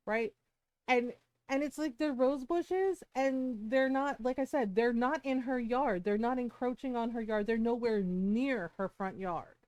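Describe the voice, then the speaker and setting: A woman with a mid-range, darkish voice chats casually at home, recorded with no echo. She's a streamer who rambles and swears, constantly dropping "like" and tag questions such as "right?".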